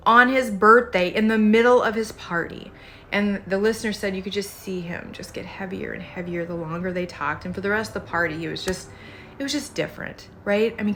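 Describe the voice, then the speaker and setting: A woman hosting a podcast, retelling a listener's story with emphatic, animated commentary. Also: medium pitch, a little hiss or hum. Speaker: podcast host.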